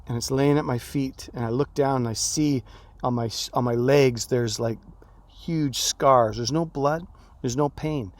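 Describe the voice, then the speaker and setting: A man's voice: mid-range voice, a little slow. A middle-aged man, a pastor, telling a personal story in a devotional talk, acting out his own reactions as he goes.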